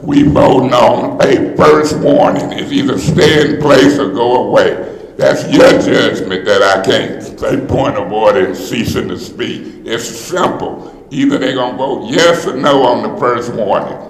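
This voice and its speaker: A man's voice: mid-range voice, a little slow. A man speaking as a city council member in a heated public meeting, confrontational and indignant, often hollering his points. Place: council chamber. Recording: echoey council chamber with long reverb.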